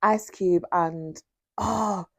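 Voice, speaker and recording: A woman, co-hosting a podcast in lively, teasing casual chat. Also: on the low side, extremely slow. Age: 20s. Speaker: podcast co-host.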